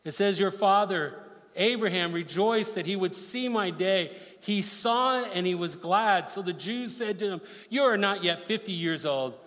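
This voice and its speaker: A man's voice: high-pitched, moderate pace, a bit bright, in a large hall. A man preaching a sermon, reading scripture aloud and explaining it with emphasis. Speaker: pastor.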